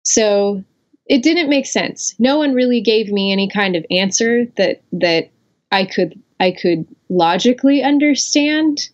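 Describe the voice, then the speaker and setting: A woman's voice: mid-range voice, lively intonation, measured pace. A woman guest on a podcast, telling her own story in a candid, reflective way with fillers and restarts. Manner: reflective, with frequent fillers and self-corrections. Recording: dull lo-fi audio.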